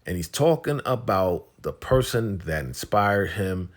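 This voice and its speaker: A man's voice: deep voice, very animated, measured pace. A man hosting a casual TV episode recap, retelling scenes in slangy, chatty talk and paraphrasing what the characters say. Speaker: TV recap host.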